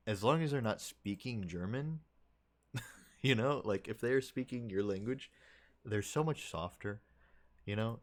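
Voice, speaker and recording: A man streaming and chatting casually with his viewers, rambling and thinking aloud with lots of fillers and restarts. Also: lowish voice. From United States.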